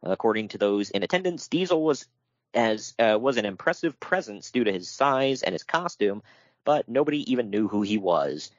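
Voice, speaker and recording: A low-voiced man co-hosting a podcast, reading from notes and breaking off into dry, joking asides. He laughs easily as he goes. The sound is close and dry, with a slightly dull, muffled top end. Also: expressive, normal speed, no room sound. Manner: wry, laughs often, reads notes then riffs. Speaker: podcast co-host. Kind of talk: casual podcast chat.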